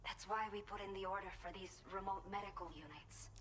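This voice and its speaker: Game cutscene: actress as a sincere, grateful ex-bandit woman, mid-pitched, plain delivery. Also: steady tone, fairly quick, noisy background, lightly acted. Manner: earnest and grateful. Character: warm reformed ex-bandit woman, pregnant, caring for elders. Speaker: video game character.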